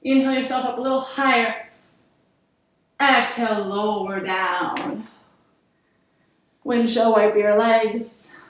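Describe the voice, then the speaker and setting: A woman's voice: a little high, fairly even intonation, takes it slowly, pauses often, distant mic. A woman yoga instructor guiding a workout class, encouraging and counting down reps. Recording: echoey room, voice from off-mic.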